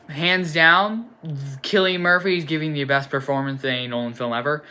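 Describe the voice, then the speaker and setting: A man's voice: a little high, moderate pace, sharp tone. A young man giving a casual, rambling film review, enthusiastic and full of fillers and restarts. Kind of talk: casual spoken movie review.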